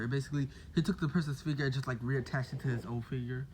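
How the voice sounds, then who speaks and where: A man's voice: mid-range voice, steady tone, rapid-fire, darkish tone, slight background noise. A man casually telling a made-up fan story, rambling with lots of "like" and "basically".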